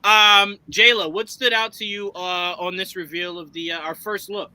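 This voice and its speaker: Male host, high bright voice, animated, laughs a lot, swears. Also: normal speed, clear, resonant tone, no room sound, poor audio. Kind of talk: casual live-stream chat.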